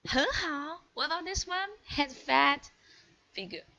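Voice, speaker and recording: A woman whose first language is Chinese, teaching an online one-on-one lesson in English, slow and encouraging, praising often and modelling each word clearly. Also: high voice, lively intonation, pushed and bright, poor audio. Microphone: video call.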